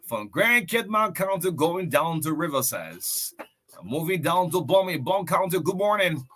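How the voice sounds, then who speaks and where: Bright-voiced Liberian radio host. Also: male voice, on the high side, lively intonation, moderate pace. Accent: Liberian English. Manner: chatty, storytelling, loose with fillers and laughs. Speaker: radio breakfast show host. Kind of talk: casual radio talk, reading listener shout-outs.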